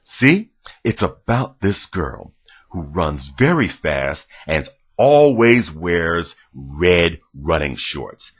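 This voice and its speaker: A man voicing an excitable, boastful storybook narrator who rambles loudly and gets carried away. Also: deep voice, slow pace, breathy edge, muffled recording, exaggerated voice. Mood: excited.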